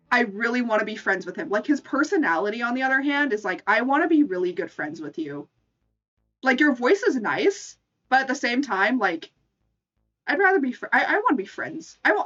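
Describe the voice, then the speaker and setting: Woman streamer, higher voice, rambling stammer, off-mic, dull lo-fi audio with faint music under it. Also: fairly bright tone, recorded from a distance. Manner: rambling, stammering restarts, laughs often. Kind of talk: casual stream chat.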